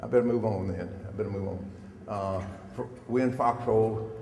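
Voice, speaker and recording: A man's voice: on the low side, a little fast. An older man speaking as a guest to students, telling his story in a folksy way with questions to the listeners, on a handheld microphone in a school hall. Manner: folksy, direct questions to the audience. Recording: echoey hall, faint noise.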